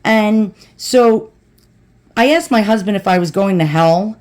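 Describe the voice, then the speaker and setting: A woman's voice: medium pitch, measured pace, a little mellow. Chatty woman vlogging at home. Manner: chatty, rambling, talks to viewers as boys and girls. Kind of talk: casual unboxing vlog.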